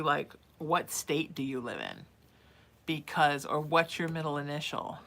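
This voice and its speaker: A woman's voice: low-pitched, pushed and bright. A middle-aged woman giving casual psychic advice on a live stream, chatty and calling viewers sweetie. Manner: reads viewer messages aloud then answers.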